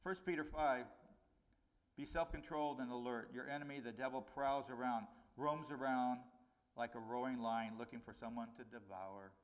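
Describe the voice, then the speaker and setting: A middle-aged man preaching a conversational sermon, his voice rising on key points and dropping low on warnings. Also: steady tone, normal speed. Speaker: pastor.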